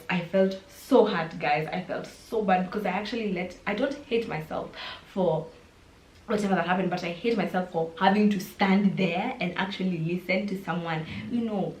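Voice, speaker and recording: A young Kenyan woman with a Kenyan accent, telling a casual storytime vlog and acting out the quotes with lively switches into Swahili slang. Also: mid-range voice. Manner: animated, mixes in Swahili and slang, acts out quotes. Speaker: vlogger. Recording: roomy echo.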